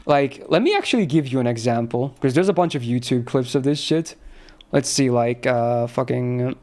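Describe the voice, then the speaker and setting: Young man from Finland, native Finnish speaker, near-American accent, casual stream chat, laid-back, swears a lot, mid pitch. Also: moderate pace, a little mellow. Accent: near-American English, slight Finnish trace. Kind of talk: casual livestream chat with chat readers.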